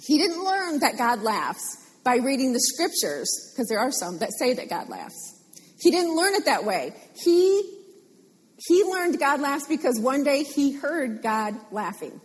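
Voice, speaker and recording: A woman preaching a sermon in a lively, animated way, repeating phrases for emphasis. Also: high voice, slightly rough. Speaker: pastor. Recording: long hall reverb.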